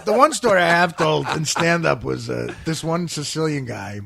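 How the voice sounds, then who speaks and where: Comedian, male, gravelly and husky, lively swooping delivery, trades stories and slips into voices. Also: a little high, moderate pace. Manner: animated, does voices of people in his stories. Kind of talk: casual storytelling chat.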